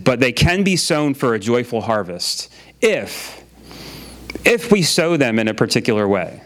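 Preaching in a relaxed, conversational style, this pastor leans on filler words and repeats his phrases often. He has a mid-range voice.

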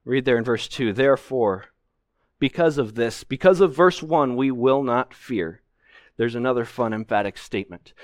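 A man delivers an expository sermon from a church pulpit, leaning hard on key words with earnest emphasis. His voice sits at a middle pitch, and the sound is dry and close to the microphone. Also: dry recording. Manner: earnest, emphatic preaching with frequent restarts. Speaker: pastor.

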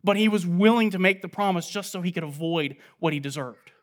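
Preaching expository style at a fairly quick clip, a man asks rhetorical questions and answers them. He moves back and forth between loud emphasis and quiet, low-voiced asides.

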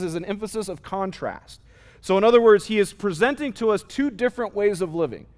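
A man preaching a sermon, earnest and plain, often pausing on fillers and restarting his sentences. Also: high voice. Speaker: pastor. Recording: long reverb of a hall.

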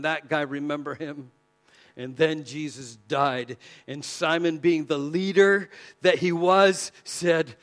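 A man preaching a sermon with passion, swinging between loud emphasis and near-whispered lines. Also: a little high, fairly even intonation, takes it slowly.

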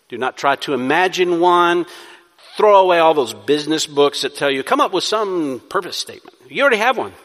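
A man preaches a sermon as a pastor in a slightly high voice with a long reverb tail. He shifts between soft, pleading passages and loud, urgent exhortation.

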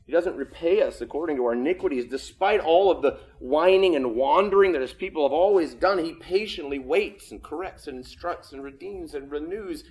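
Casting note: man, pastor delivering a sermon, slightly raised pitch, conversational and earnest, swings between loud emphasis and hushed tones. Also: fairly quick, hardly any pauses. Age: adult with children.

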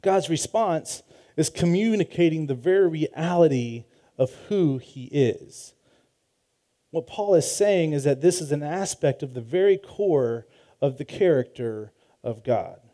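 A man's voice: on the high side, animated, measured pace, warm tone. A man preaching a sermon, talking through scripture conversationally with fillers and restarts. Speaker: pastor.

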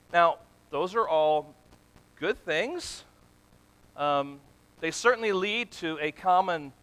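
Bright-voiced man preaching a sermon. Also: on the high side, rough recording. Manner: asks the congregation questions and answers them; builds from quiet to loud and emphatic.

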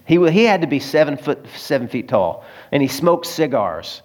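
A man from Arkansas preaches in a folksy, self-mocking way, with a voice that sits a little high. He tells a story from the pulpit and acts out the lines of each person in it. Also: big pitch swings, moderate pace. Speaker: pastor. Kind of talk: sermon storytelling.

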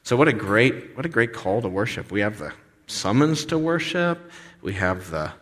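A man's voice: on the low side, normal speed. Man preaching in a reverberant hall. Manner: animated, acts out voices of complaining people. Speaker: pastor. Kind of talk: sermon.

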